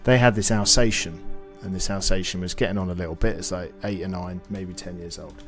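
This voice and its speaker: A young man spins a story on a podcast, low-pitched and lively, swearing freely and acting out the people in it. Faint music sits behind him. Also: a little fast. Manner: animated, swears freely, acts out quoted voices. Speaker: podcast co-host. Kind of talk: casual storytelling chat.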